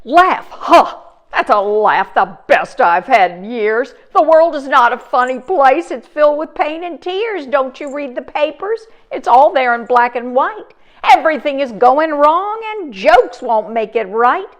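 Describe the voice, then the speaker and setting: Woman doing a loud, scornful grumpy businessman. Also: high-pitched, animated, unhurried. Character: grumpy gloomy businessman with briefcase.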